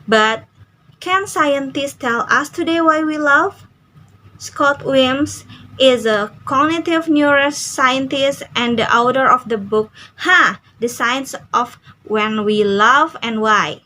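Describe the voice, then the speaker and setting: A woman's voice: high voice, slow pace, bright, forceful tone, slight background noise, low-quality recording. A young woman, a student reading an interview transcript aloud with care, stumbling and restarting now and then. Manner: careful reading with small slips and restarts.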